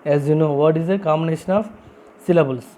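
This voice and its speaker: Speaking fast in a dark-toned voice on the high side, a non-native English-speaking man teaches vocabulary like a classroom lesson. He walks through things step by step, poses questions he then answers himself, and repeats key phrases, on a low-quality recording.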